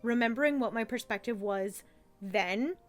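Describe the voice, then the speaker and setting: A woman's voice: a little high, normal speed, faint music behind. A young adult woman hosting a casual review of a childhood cartoon, chatty and gushing, full of filler words. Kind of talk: casual commentary.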